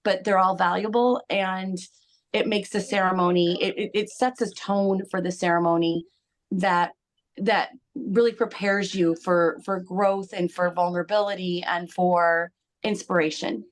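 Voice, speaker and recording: A woman giving an earnest, halting spoken testimonial about a ceremony, with many restarts. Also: on the low side, fairly even intonation.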